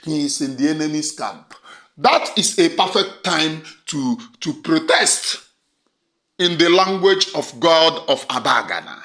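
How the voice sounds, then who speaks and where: Nigerian guy ranting hard, fiery and repetitive, kinda high voice, echoey room. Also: lively intonation, a little slow. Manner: fiery, repetitive, swings from shouting to low intensity. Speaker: online commentator. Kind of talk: impassioned monologue. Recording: roomy echo.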